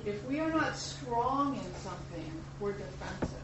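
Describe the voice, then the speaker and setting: A woman in the congregation speaking up during a sermon, slow and reflective, thinking aloud. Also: medium pitch, lively intonation, very noisy. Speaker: congregation member. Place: church or meeting room. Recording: echoey room, distant mic, ambience.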